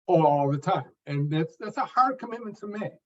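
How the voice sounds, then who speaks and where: Older man, slightly high voice, deliberate phrase-by-phrase delivery, dull distant video-call sound. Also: animated, a little mellow. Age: 50s or older. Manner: speaks in distinct phrases, stressing a word near each phrase end. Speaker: stuttering coach and guest. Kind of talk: interview answer, explaining his method.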